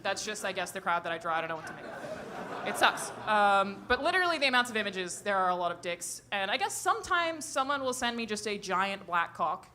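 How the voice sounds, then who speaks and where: A woman's voice: medium pitch, lively intonation, a little fast, sharp tone, a little hiss or hum. A woman doing a stand-up comedy set on stage into a handheld mic, brash and profane, laughing at her own jokes. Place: comedy stage before a live audience.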